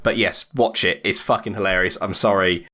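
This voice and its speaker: A man's voice: low-pitched, fairly even intonation, normal speed, sharp tone. An English man co-hosting a podcast, chatting casually and enthusiastically, laughing often and swearing freely. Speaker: podcast co-host. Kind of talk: casual chat.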